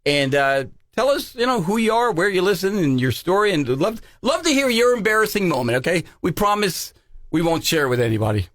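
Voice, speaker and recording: A podcast co-host, a man from Connecticut, spins a self-deprecating story in easy, casual chat. His voice sits a little high and swings widely up and down as he talks. The sound is close and dry, with no room around it. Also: very animated, a little fast, a bit bright, dry recording.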